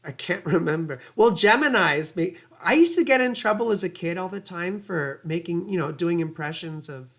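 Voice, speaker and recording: A woman's voice: on the low side, expressive, normal speed, hardly any pauses. A woman astrologer giving casual livestream chart readings, rambling and chatty with laughing asides and casual swearing.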